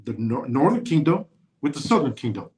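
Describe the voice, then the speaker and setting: A man's voice: mid-range voice, sing-song, brisk, darkish tone. A man in a casual talk show who speaks fervently, repeating lines for emphasis like a preacher. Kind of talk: preaching-style casual chat.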